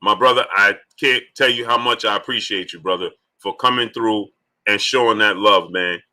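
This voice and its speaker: A man hosting a live stream, giving boxing commentary in lively bursts and greeting viewers by name from the chat. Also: on the low side, moderate pace. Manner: animated, greets viewers by name between points. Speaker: livestream host.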